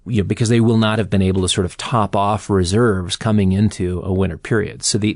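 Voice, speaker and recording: A man co-hosting a financial podcast, explaining economics in a measured, storytelling way. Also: fairly low pitch, creaky, a little mellow, dry recording, clean studio sound. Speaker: co-host and commentator.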